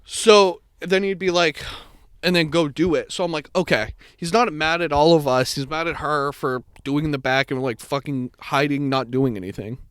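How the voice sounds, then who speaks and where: A man's voice: on the high side, fairly quick, hardly any pauses, fairly bright tone, smooth, no echo, studio quality. A young man co-hosting a podcast, telling a long story in casual chat, swearing and acting out the people in it. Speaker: podcast co-host.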